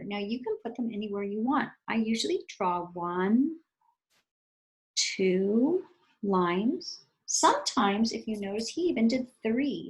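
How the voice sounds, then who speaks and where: A woman's voice: medium pitch, a little mellow, low-quality recording. A woman art teacher giving a patient, step-by-step drawing lesson for children, counting her strokes aloud as she works.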